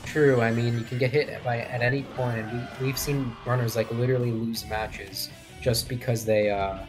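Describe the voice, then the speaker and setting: A man's voice: medium pitch, steady tone, normal speed, music in the background. A man giving live commentary on a speedrun match, thinking aloud and often checking with his co-host for agreement.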